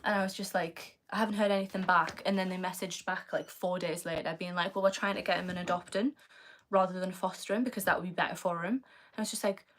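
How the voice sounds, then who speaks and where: A young British woman reads out viewers' comments on a live stream and replies loosely, filling her answers with fillers. Her lowish voice is steady and fairly bright, and she talks fast.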